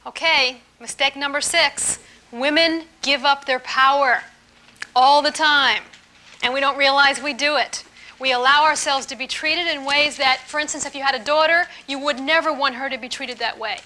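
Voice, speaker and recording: Woman, seminar speaker, high voice, bright and forceful, playful emphatic delivery. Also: moderate pace. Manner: lively, emphatic, playful, laughs while teaching. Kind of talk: live seminar talk to an audience.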